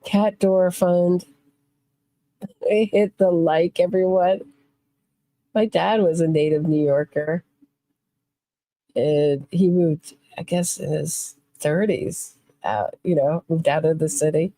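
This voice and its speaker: A woman hosting a true crime podcast live stream, chatting casually, thinking out loud and reading comments from the chat. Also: fairly low pitch, fairly even intonation, slow, pauses often, no room sound.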